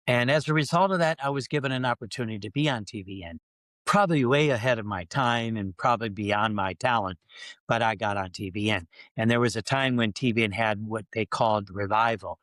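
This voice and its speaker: A middle-aged man, a pastor, telling a personal story on a podcast and acting out his own prayers, his voice climbing as he gets excited. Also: a little fast, dry recording. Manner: animated storyteller who acts out his own prayers, pitch rising when excited.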